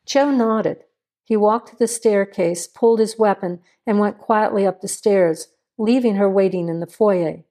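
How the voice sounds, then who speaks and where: Woman narrator for a crime story, measured read, dark mellow tone. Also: mid-range voice.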